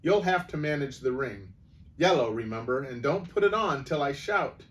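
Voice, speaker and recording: A man voicing a brave young boy in a storybook reading, giving brisk, commanding orders. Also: mid-range voice, expressive, echoey room, lightly acted. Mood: urgent. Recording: distant mic with faint noise.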